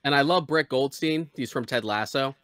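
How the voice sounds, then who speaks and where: Male podcast co-host, mid-pitched, relaxed and wry, casual swearing, dry close recording. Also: moderate pace, no room sound. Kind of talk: casual movie review chat.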